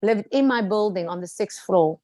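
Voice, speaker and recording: A South African woman chatting in a lively way and acting out the people in her stories. Her voice sits in a middle pitch. It is recorded close and dry, with no room sound. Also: normal speed, dry recording, rough recording. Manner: lively storyteller, quotes people in different voices. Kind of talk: casual chat.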